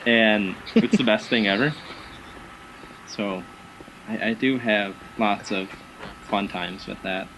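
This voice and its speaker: A man chatting casually as a guest, telling lively anecdotes with frequent fillers and laughs. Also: on the low side, takes it slowly, long pauses, slight background noise, rough recording. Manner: animated anecdotes with acted quotes, frequent fillers. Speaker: guest, haunted house actor. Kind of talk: casual chat, storytelling.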